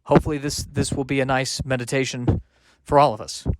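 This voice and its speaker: A man hosting a solo comedy podcast, rambling and self-deprecating, halting with many restarts and sardonic asides. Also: mid-range voice, level tone, no echo. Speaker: podcast host.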